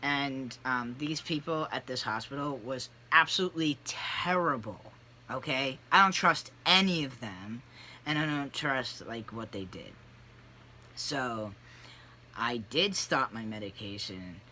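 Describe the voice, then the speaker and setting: Vlogger, 30s or older, casual confessional delivery, loose and animated, bright tone. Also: mid-range voice, unhurried, slight background noise. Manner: rambling, candid, animated with frequent fillers. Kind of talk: casual personal vlog.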